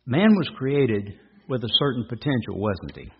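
A man preaches in a husky, breathy voice and leans on rhetorical questions and repeated phrases for emphasis. The recording sounds dull and lo-fi. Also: mid-range voice, lively intonation, moderate pace. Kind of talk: sermon.

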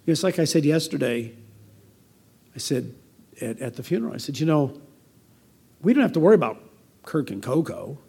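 An older American man delivering a sermon as pastor, conversational and anecdotal, with a gravelly voice. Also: fairly high pitch, very animated, normal speed, pauses often, warm tone. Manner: conversational preaching with personal anecdotes.

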